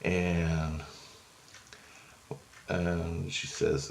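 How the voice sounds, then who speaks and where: Guy with a low gravelly voice rambling thru a story on his vlog, keeps doing the back and forth, gets all excited. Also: unhurried. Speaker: vlogger. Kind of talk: casual storytelling monologue.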